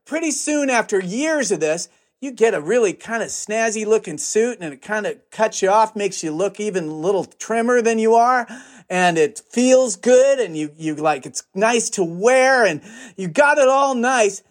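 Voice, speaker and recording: Male film director guest, high voice, wry explainer who spins long analogies. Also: animated, moderate pace. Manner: joking, builds long comparisons. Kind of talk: conversational explanation.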